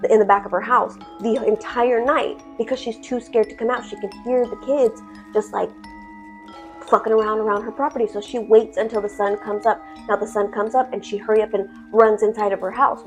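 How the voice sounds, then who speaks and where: Woman, fairly high-pitched, profane, chatty horror storytime, faint music behind.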